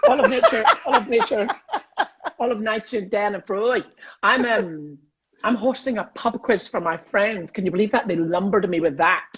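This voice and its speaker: Cheeky Scottish man, husky and high. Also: big pitch swings, moderate pace, fairly bright tone, highs cut off. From Scotland. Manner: cheeky, chatty, laughs often. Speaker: comedian guest. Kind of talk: casual chat on a video call.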